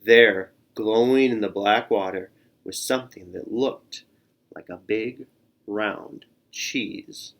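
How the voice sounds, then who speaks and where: A man reading a children's picture book aloud, expressive and adding little sound effects. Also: on the low side, slow. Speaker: storyteller.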